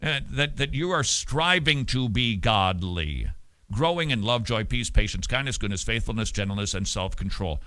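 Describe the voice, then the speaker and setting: A man hosting a radio show, preaching with emphatic stresses and sudden loud words. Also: fairly low pitch, animated, moderate pace, dry recording. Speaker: radio host.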